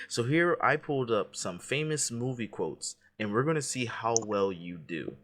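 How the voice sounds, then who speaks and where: A man's voice: on the low side, expressive, moderate pace, hardly any pauses, a bit bright. A man co-hosting a casual podcast, running a movie quote quiz with a playful, teasing manner. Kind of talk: casual chat.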